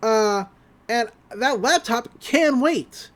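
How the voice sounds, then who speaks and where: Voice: mid-range voice, expressive, slow, pitched above the performer's own voice. A podcast host voicing a bubbly, boy-crazy girl, breezy and dismissive.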